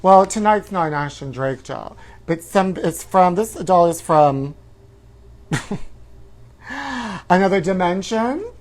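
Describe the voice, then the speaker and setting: The host is a brassy, self-absorbed woman running a tabloid talk show, voiced by a man in a campy comedic livestream full of gossip. His high voice has lively intonation, a slow pace, and frequent pauses, with drawled "honey"s and sudden whooping shrieks.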